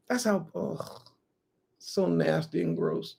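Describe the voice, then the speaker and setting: A preacher giving a Sabbath sermon, talking slowly and emphatically, swinging from loud outbursts to hushed asides. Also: medium pitch, lively intonation, vocal fry.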